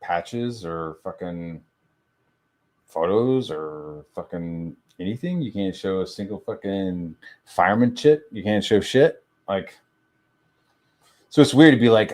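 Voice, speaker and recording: A man's voice: low-pitched, lively intonation, slow pace, darkish tone. Foul-mouthed rambling young man. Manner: crude, rambling, heavy swearing. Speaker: stream guest. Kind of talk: profane ranting stream talk.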